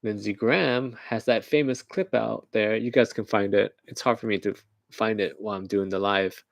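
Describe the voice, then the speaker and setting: A man's voice: on the low side, fairly even intonation, moderate pace, gravelly, no room sound. A man from the United States giving rambling, joking current-events commentary on a livestream, often laughing at his own jokes.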